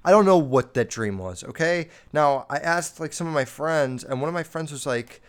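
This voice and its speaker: A man's voice: normal speed, few pauses, smooth. Rambling, foul-mouthed podcaster man. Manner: rambling, heavy swearing, lots of "like"; animated, jumping up and down in pitch while recounting. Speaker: podcast host. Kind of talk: casual storytelling monologue.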